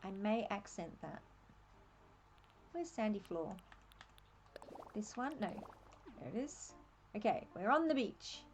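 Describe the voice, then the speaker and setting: An Australian woman streaming a game, chatting and thinking aloud in a relaxed, laughing way. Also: mid-range voice, slow pace, pauses often, slight background noise. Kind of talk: casual live-stream commentary.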